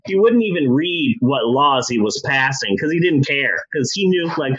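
Animated, husky storytelling man. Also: on the high side, normal speed, few pauses, lo-fi sound. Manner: casual, profane, animated. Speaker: comedy storyteller. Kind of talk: comedic history retelling.

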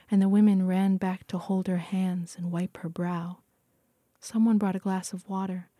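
A woman narrating a story aloud in a quiet, hushed voice that often sinks to a whisper. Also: on the low side, dry recording, studio quality. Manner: hushed, frequently dropping to a whisper. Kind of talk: audiobook reading.

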